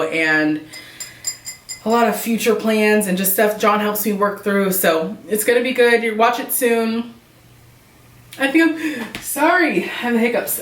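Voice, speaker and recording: A woman's voice: on the low side, distant mic. A woman vlogger chatting casually to camera, upbeat and rambling with fillers. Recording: roomy echo, a little off-mic.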